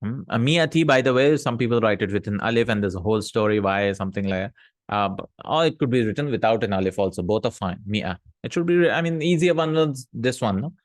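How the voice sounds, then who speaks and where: A man with a low voice teaches a grammar lesson in a dry, close-sounding recording. He reads each example sentence, translates it, then explains it step by step. He keeps checking in with short "hmm?" and "no?" asides. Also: lively intonation, a little fast, no echo. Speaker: Arabic teacher.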